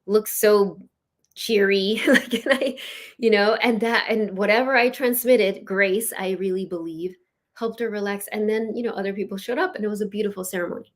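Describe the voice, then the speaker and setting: A woman's voice: mid-range voice, steady tone, brisk. Earnest woman telling a spiritual story. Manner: conversational and storytelling, with frequent "like" and "you know"; earnest, with soft laughs. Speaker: host and spiritual leadership teacher. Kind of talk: casual spiritual teaching.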